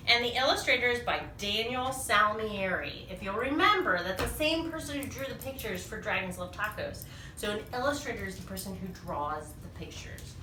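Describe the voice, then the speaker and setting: A woman reading a picture book aloud to young children, animated and full of sing-song questions, in a small echoey room. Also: medium pitch, recorded from a distance, a little hiss or hum. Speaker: children's storyteller.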